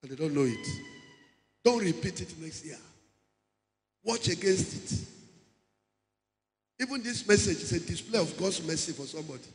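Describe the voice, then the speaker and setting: Man, preacher, high voice, emphatic sermon, echoey hall. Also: animated, normal speed, long pauses. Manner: emphatic, repeats key words, calls out to the congregation. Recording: echoey hall with long reverb.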